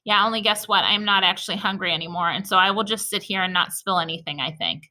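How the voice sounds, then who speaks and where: A woman voicing a lively, blunt little girl of about six who talks in earnest run-on child phrases. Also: mid-range voice, quick pace. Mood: sheepish.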